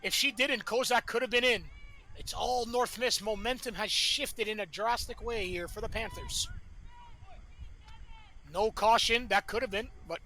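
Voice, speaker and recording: A man calling a live match play-by-play, excitable and rising to shouts at big chances, with colorful catchphrases. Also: extremely high pitch, a little slow. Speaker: play-by-play commentator. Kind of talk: live sports commentary.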